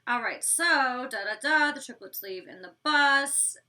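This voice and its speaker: A former reality show cast member in her twenties casually recaps an episode, blunt, sassy and swearing freely. Her high-pitched voice is animated, unhurried, bright and forceful, and she sounds far from the mic.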